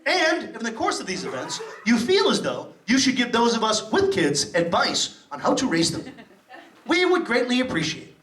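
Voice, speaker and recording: A man's voice: very high-pitched, huge pitch swings, moderate pace. A middle-aged man from Massachusetts doing a profane stand-up set, firing off brash crowd work on a comedy club stage. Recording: distant, roomy club recording with loud crowd noise. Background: audience laughing and applauding.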